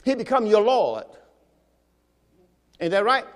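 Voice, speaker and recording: A high-voiced man preaching in a sermon. He keeps asking his listeners rhetorical questions and draws scripture quotes out slowly for emphasis. His voice rings with the long reverb of a church hall. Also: big pitch swings. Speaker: pastor. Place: church service.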